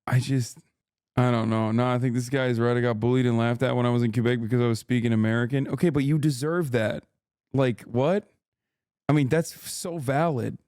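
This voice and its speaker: A man's voice: mid-range voice, fairly even intonation, a little fast, a little mellow, clean tone, dry recording, clean studio sound. A man in his thirties streaming casual reaction commentary, blunt and profane, mocking and reading chat messages aloud.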